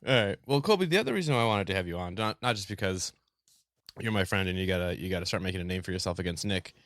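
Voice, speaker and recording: Laid-back, lively-voiced man hosting a podcast. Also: low voice, fast, no echo, studio quality. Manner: laid-back, swears casually, laughs often. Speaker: podcast host. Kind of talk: casual podcast chat.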